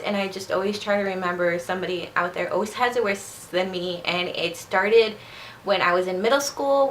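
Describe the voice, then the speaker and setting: Woman, native Spanish speaker, vlogger, chatty, repetitive, slurs when fast, medium pitch. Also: a bit bright, slight background noise. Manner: chatty, rambling, repeats herself. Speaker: beauty vlogger. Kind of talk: casual chat to camera.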